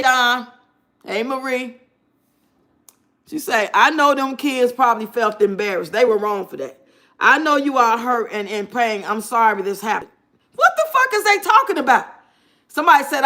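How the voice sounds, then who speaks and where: A woman's voice: high voice, pushed and bright. A woman giving blunt, profane reaction commentary, talking to her live chat. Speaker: commentary streamer.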